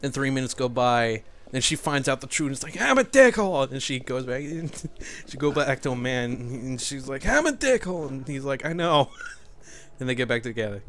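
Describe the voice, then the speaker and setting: A man's voice: medium pitch, fairly even intonation, normal speed, a bit bright, a little hiss or hum. A young man giving joking, profane commentary over a game he is playing, laughing often and sniffling a bit. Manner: joking, swearing, laughing often, mock voices. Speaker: let's play gamer.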